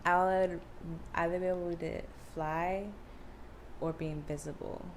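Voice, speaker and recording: A young woman guest musician talking casually in an interview, relaxed and chatty, saying "like" a lot. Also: on the low side, unhurried, a little hiss or hum. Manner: relaxed, chatty, heavy use of "like".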